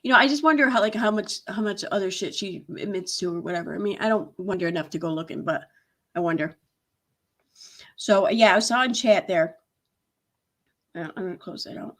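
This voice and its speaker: A woman's voice: fairly low pitch, normal speed, long pauses. A woman hosting a casual livestream, chatting and reacting with sarcastic, laughing commentary. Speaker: commentary channel host.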